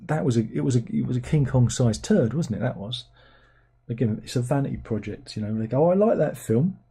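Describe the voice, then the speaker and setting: A man's voice: mid-range voice, a little fast, creaky, mellow, breathy edge. A man giving a casual film review, blunt and sarcastic, rambling from one aside to the next.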